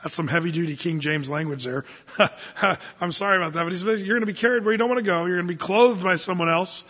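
A man preaching a sermon as pastor, animated and conversational, reading scripture slowly and deliberately. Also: high voice, big-room sound, muffled recording.

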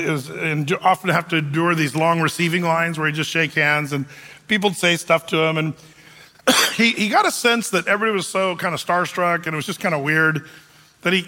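A man's voice: on the high side, pushed and bright, long reverb tail. A man preaching a sermon as pastor, telling stories in a chatty way with many fillers and restarts.

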